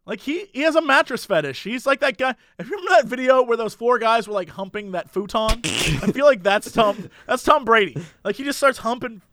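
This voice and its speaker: High, bright young man, sarcastic banter. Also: animated, a little fast. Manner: sarcastic, jumps into silly put-on voices. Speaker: podcast co-host. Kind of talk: casual comedic chat.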